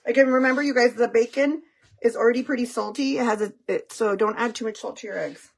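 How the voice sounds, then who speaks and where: A woman's voice: a little high, fast talker, gravelly, breathy edge. A mother chatting casually in a cooking vlog, talking to her viewers and her child while she cooks at home. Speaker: home cook vlogger, mother. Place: home kitchen. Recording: background kitchen noise.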